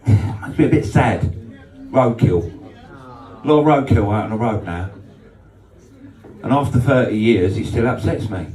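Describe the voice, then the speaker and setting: A man doing a brash, sweary stand-up set in a small club. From England. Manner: brash and sweary, with lively swings in pitch. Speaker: stand-up comedian. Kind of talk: stand-up set with crowd laughter. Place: small club function room. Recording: roomy club sound from a distance.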